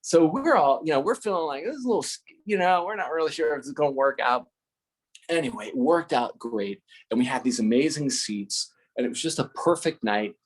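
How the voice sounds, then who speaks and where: Husky man telling a rambling story. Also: on the high side, animated. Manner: rambling, halting, self-deprecating, with many fillers and restarts. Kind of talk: casual storytelling.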